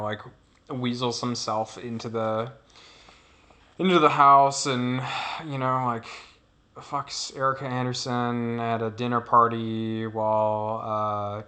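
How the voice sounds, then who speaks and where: A man's voice: medium pitch, bright, forceful tone. A man narrates his own gameplay in a loose, casual way. He wanders between thoughts and lets sentences trail off. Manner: rambling, digressive, trails off. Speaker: gameplay commentator. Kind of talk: casual commentary over gameplay.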